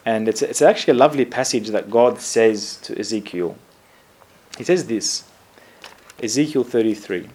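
A priest giving a conversational sermon, telling stories in a relaxed way with lots of fillers and self-corrections, often laughing at himself. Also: male voice, on the low side, normal speed, slightly rough.

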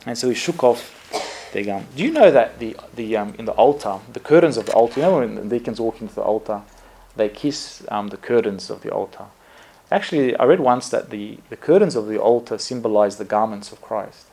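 A priest giving a conversational sermon, telling stories in a relaxed way with lots of fillers and self-corrections, often laughing at himself. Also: male voice, lowish voice, a little fast, creaky, husky.

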